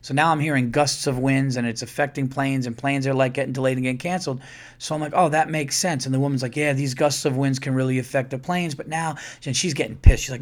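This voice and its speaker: A podcast host tells a story in a casual monologue, acting out other people's lines, swearing freely and repeating words when excited. He has a medium-pitched voice and talks fast.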